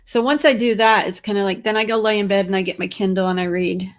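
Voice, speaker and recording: A woman's voice: medium pitch, fast talker. Tired woman rambling casually. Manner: rambling, relaxed, self-correcting. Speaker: guest on a live stream. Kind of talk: casual chat.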